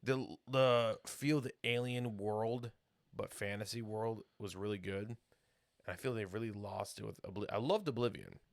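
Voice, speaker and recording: A man co-hosting a casual podcast, chatty and eager, quick to jump in with guesses. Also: fairly low pitch, vocal fry, no echo, clean studio sound. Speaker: podcast co-host. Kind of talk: casual chat.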